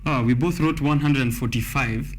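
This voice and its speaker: A man's voice: medium pitch, normal speed, slight background noise. A man with a Kenyan accent hosting a TV talk show, reading quiz questions in a playful, laughing way. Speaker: TV show host. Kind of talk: casual quiz chat. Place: TV studio.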